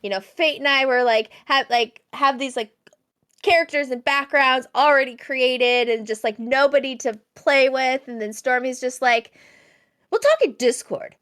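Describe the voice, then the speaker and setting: A woman with a high voice co-hosts a casual chat show. She tells her story in a long, chatty ramble, stacking one event on the next and laughing easily along the way. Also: fairly even intonation, normal speed, a bit bright, smooth. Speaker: podcast co-host.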